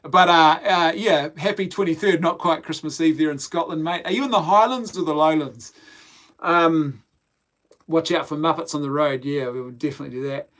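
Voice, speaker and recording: A man's voice: on the high side, normal speed, fairly bright tone. A man hosting a casual live podcast, reading viewer comments aloud, rambling and laughing often. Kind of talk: casual live-stream chat.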